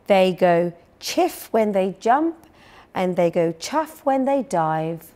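A woman's voice: medium pitch, takes it slowly. A woman reading as an eager young schoolgirl. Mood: insistent. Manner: insistent, excited.

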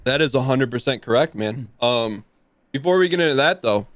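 A man's voice: medium pitch, animated, brisk, no echo. A man in his thirties co-hosting a casual stream chat, laid-back and self-deprecating, calling people dude and man. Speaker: show co-host.

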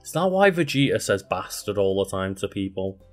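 A man's voice: low-pitched, very animated, a little fast, faint music behind. A man co-hosting a casual podcast, laid-back, mostly giving short replies and laughing. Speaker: podcast co-host. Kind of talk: casual chat.

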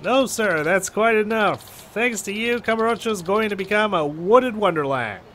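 A man's voice: high-pitched, lively intonation, moderate pace, fairly bright tone, slight background noise, voice pushed up. A man doing a pushy, wheedling petitioner. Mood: pleased. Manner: salesy, wheedling, overly polite. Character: overeager, pushy male street petitioner.

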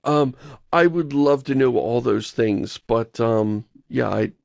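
Gravelly-voiced man in wry casual chat. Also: medium pitch, slow pace, darkish tone, no echo. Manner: rambling, wry, exasperated. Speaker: podcast co-host.

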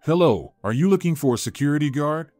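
A man's voice: a little high, lively intonation, a little fast, darkish tone, no echo, soft background music, voice pushed up, lightly acted. Man reading as a polite retired old man. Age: 60s.

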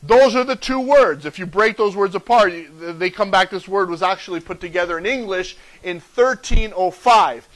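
A pastor delivers his sermon in a fairly high male voice. He preaches emphatically, repeating key phrases and swinging between loud declarations and hushed asides. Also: moderate pace, hardly any pauses, poor audio.

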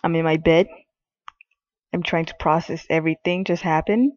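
A woman's voice: low voice, steady tone, normal speed, darkish tone, no room sound, highs cut off. A young woman with a cold giving casual, swearing gameplay commentary from her bed, exasperated and rambling. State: sick, coughing. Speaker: gaming video creator. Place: bedroom.

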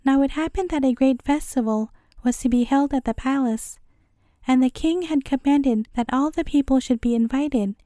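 High, mellow woman reading fairy tales. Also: dry recording, clean studio sound. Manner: calm, measured storytelling. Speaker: storyteller. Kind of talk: bedtime fairy tale reading.

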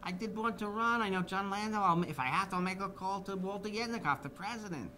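A man putting on a boastful high-voiced producer. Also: quick pace, bright, forceful tone, slight background noise. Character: boastful, fast-talking male music producer.

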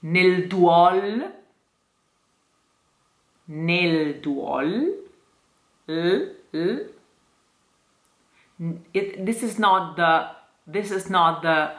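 A woman with an Italian accent teaching Italian diction to singers, modelling each word slowly and repeating it with care. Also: sits low, fairly bright tone, reverberant. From Italy. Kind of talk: slow, careful diction lesson.

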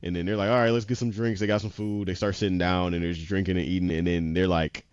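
Man, low voice, casual rambling recap, laughs a lot, dull lo-fi dry recording. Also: flat delivery, fast talker, a little mellow, clean tone, no echo. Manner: rambling retelling with many "he was like" quotes; laughs often. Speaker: podcast co-host. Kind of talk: casual anime episode recap.

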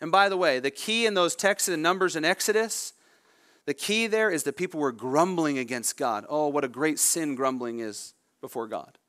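A male pastor preaching a sermon, expressive, voicing the people in the story as he goes. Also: on the high side, normal speed. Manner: expressive preaching with dramatic voiced quotes.

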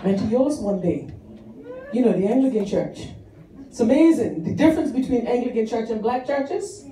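A woman's voice: fairly high pitch, expressive, moderate pace, mellow, slight background noise. A woman doing a stand-up comedy set in a church hall, chatty and self-mocking, stretching out her punchlines. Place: church hall with live audience. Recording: echoey hall, taped from far off, audience laughter. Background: crowd laughing.

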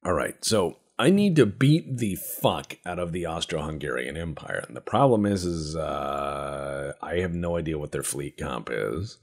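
A man's voice: very deep voice, animated, measured pace, creaky, husky. A man giving joking, profane, rambling commentary while playing a strategy game. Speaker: gameplay commentator. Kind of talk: let's-play commentary.

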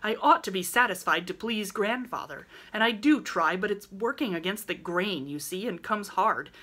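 A woman reading aloud, voicing an excitable, impatient teenage boy who talks in emphatic outbursts. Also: fairly low pitch, moderate pace. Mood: impassioned.

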